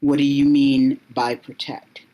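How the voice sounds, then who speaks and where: A woman voicing a loving, protective mother who speaks softly and reassuringly at a slow pace. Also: extremely low pitch, little pitch movement, low-quality recording. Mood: tender. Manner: soft, reassuring, pleading.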